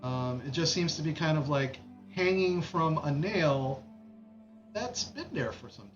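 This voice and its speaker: Man, game master narration, rambling, fairly high voice, faint background music. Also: expressive, measured pace. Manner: rambling, frequent fillers and restarts. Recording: slightly dull mic, faint music behind.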